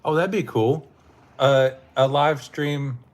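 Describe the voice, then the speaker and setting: Hours of talking have left this streamer's throat sore as he hangs out with his chat in a relaxed, casual broadcast. His voice is medium-pitched and slow, and he laughs frequently.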